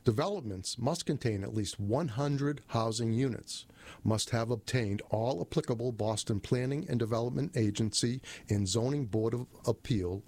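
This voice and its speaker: A man reading a city news release aloud in a steady manner, lifting his voice for quoted passages and correcting his own slips. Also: medium pitch, creaky, dry recording. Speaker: reader of a city press release.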